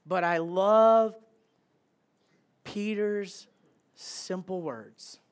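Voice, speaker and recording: A man preaching a sermon as a pastor, animated, swinging between loud bursts and hushed, quiet lines. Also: high-pitched, very slow.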